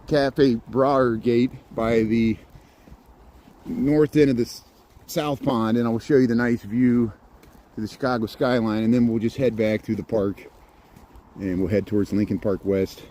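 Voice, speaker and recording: A man's voice: mid-range voice, mellow, slight background noise. A middle-aged man from rural Indiana with a Midwestern accent, rambling casually as a live streamer on a walk through a snowy park. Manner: rambling, chatty, chuckles often. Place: outdoors in a snowy city park.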